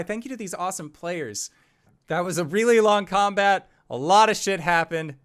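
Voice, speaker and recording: A man acting as game master, narrating a tabletop fantasy game in a slow, theatrical storytelling way. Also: sits high, a bit bright, no echo.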